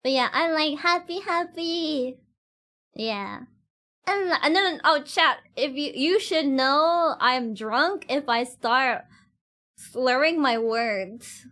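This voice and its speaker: A woman's voice: high-pitched, animated, takes it slowly, pushed and bright. A woman streamer chatting casually with her viewers, giggling and laughing often, with loose, slightly non-standard grammar.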